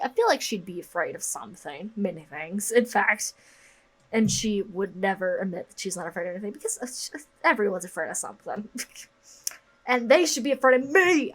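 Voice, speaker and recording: A woman's voice: mid-range voice, a bit bright, poor audio. A woman reading a story game aloud and chatting between lines, giggling and joking at her own asides. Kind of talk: casual let's-play commentary.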